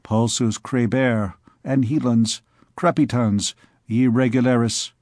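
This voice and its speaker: A man reads as a scheming royal physician, slow and pompous, wheedling favors out of his patient. The voice is a touch lower than plain reading but of middling pitch, captured dry and close. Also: steady tone, darkish tone, dry recording, natural voice. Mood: grave. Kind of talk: audiobook character reading.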